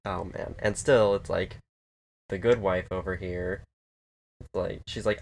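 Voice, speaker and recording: Gravelly man rambling about a film. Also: sits low, steady tone, slow pace, pauses often. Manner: rambling, profane, laughing, quoting film scenes in little voices. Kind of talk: casual chat.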